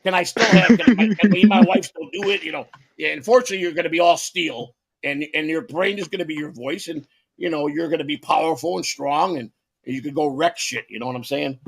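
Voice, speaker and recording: A man's voice: fairly high pitch, a little fast, vocal fry, slightly rough. A man in his fifties, a podcast co-host, telling rambling, profane stories in casual chat with lots of restarts.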